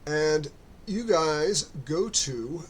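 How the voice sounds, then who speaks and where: A man's voice: fairly high pitch, expressive, drawn-out words, slight background noise. Man running a tabletop game. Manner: rambling with frequent fillers and restarts. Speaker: game master.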